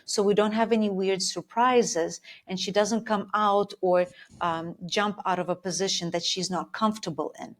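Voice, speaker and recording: A woman's voice: mid-range voice, fairly even intonation, moderate pace, hardly any pauses. A woman working as a Pilates instructor, explaining her coaching approach in a thoughtful, step-by-step conversational way.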